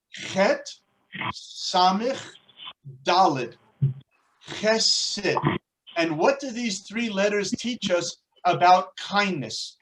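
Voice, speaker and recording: A man teaching a religious class, telling stories and explaining words in a deliberate, explanatory way. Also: high voice, low-quality recording. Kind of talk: storytelling religious lesson.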